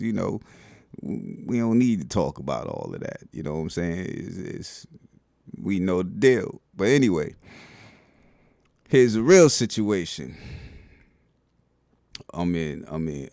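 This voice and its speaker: A middle-aged man with a Bronx New York accent, telling stories in a relaxed, slangy way for his video channel. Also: deep voice, vocal fry, no room sound, clean studio sound. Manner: relaxed street slang, keeps saying "you know what I'm saying". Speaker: vlogger. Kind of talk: casual storytelling monologue.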